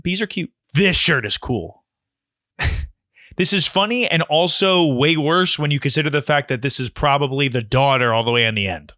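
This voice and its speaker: A man's voice: fairly high pitch, moderate pace, sharp tone, no room sound, clean studio sound. A man hosting a casual comedy video, reacting to funny shirts with rambling, crude jokes.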